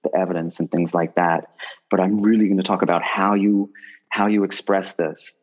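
A man with a very low voice talks through a slightly dull, lo-fi line. He speaks loosely and casually, circling and restarting his sentences, and livens up when he tells a story. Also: moderate pace. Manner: rambling, restarts phrases often, animated when telling stories. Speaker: guest medium. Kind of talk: casual conversational interview.

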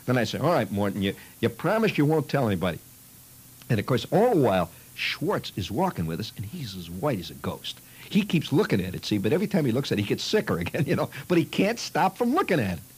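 Husky, lively male storyteller. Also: medium pitch, fast, hardly any pauses, rough recording. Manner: rambling, full of "you know" and "see", chuckling asides. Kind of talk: rambling spoken storytelling.

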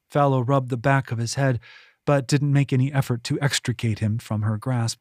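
Guy reading his fantasy book, measured, mid voice, dry close mic. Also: mid-range voice, fairly even intonation, darkish tone, no echo. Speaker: author and narrator. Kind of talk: audiobook narration.

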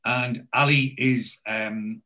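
A man's voice: mid-range voice, fairly even intonation, takes it slowly, pushed and bright. A man in casual chat, retelling a TV episode scene by scene and lightly acting out the characters' lines.

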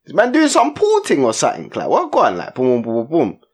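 A man's voice: a little high, brisk, slightly rough. A young man, telling a story in casual podcast chat, full of slang and tag questions. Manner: slangy, animated storytelling with lots of "innit" and "you get me". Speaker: podcast co-host.

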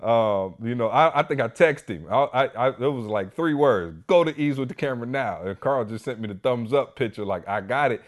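A man co-hosting a podcast, telling a story in a casual, animated way full of "you know" and "like". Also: medium pitch, moderate pace, few pauses. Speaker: podcast co-host.

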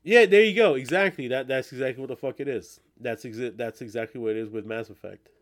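A man's voice: medium pitch, fast. Casual, swearing podcast man. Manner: rambling, swears a lot, restarts often. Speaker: podcast host. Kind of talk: casual chat.

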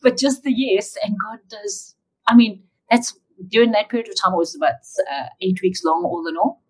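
A woman telling her personal testimony as an interview guest, in an emotional, animated way. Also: medium pitch, normal speed, husky, rough recording.

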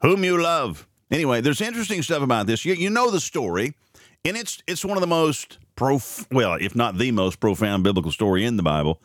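A man's voice: fairly quick, dry recording, studio quality. A man hosting a morning radio and podcast program, rambling and opinionated in casual commentary. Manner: opinionated, rambling, animated pitch swings.

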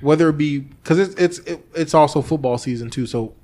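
Animated, slightly high-voiced podcast host. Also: male voice, fairly quick. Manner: animated storytelling, acting out his own past lines, swearing freely. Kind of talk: casual chat.

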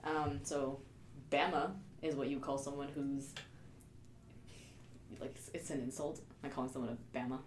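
A woman's voice: rumbling low, steady tone, normal speed, long pauses. A young American woman from Maryland, co-hosting a podcast in casual chat, giggly and full of "like" and "um". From Prince George's County, Maryland, USA. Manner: giggly, lots of "like" and "um". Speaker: podcast co-host. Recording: echoey room with faint background noise.

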